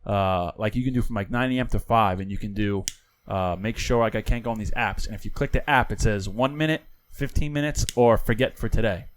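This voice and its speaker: A man's voice: on the low side, fairly quick, clear, resonant tone. A man co-hosting a podcast, talking bluntly in a casual chat and swearing freely.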